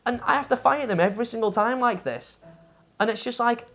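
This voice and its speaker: A woman's voice: a little high, brisk, a bit bright. A woman co-hosting a game review show, ranting about a game in casual, profane, exasperated chat.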